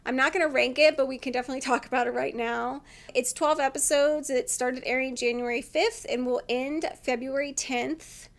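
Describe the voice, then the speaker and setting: Chatty high-voiced woman with vocal fry. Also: steady tone, moderate pace, few pauses. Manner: chatty, laughs often, acts out quotes. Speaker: vlogger. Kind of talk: casual chat about TV dramas.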